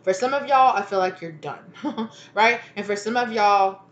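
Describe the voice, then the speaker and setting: A woman does a casual spoken tarot reading, chatting, laughing, and swearing freely with her viewers. Her mid-range, slightly bright voice moves at normal speed, and the muffled recording carries a roomy echo and faint noise.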